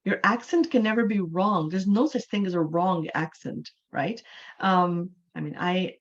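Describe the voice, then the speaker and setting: A woman's voice: on the low side, unhurried, highs cut off. A woman from Canada, a native English speaker, teaching an online English class and explaining things patiently, often checking in with "right?".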